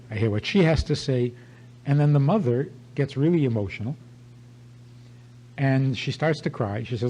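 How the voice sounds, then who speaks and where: A man's voice: mid-range voice, dark tone, rough recording. An older man, a rabbi, giving an emphatic sermon-style talk and telling a story with repeated phrases.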